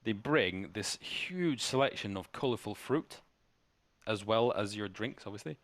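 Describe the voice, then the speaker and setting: Low-voiced male game master, halting, dry sound. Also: expressive, a bit bright, no room sound. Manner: halting, with many restarts. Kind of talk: narrating a tabletop game.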